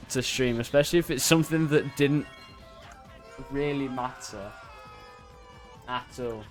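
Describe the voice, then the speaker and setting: Guy streaming a racing game, slow rambly talk to chat, keeps cutting himself off, faint music behind. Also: medium pitch. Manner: rambling, self-interrupting, talks to chat; bursts into loud repeated "no, no" while playing. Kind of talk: casual live-stream chat while gaming.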